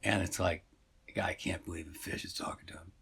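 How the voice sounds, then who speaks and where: A man's voice: low voice, fairly even intonation, brisk, gravelly, fairly bright tone, slightly rough, whispered. A man telling a story in a rambling, meandering way, full of fillers and asides.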